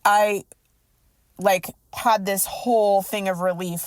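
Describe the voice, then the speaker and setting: A woman podcast host and mindset coach telling a personal story in a casual, animated way, full of "like" and quoted thoughts. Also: mid-range voice, slow, dry recording. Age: adult. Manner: animated, emotional retelling with many "like"s.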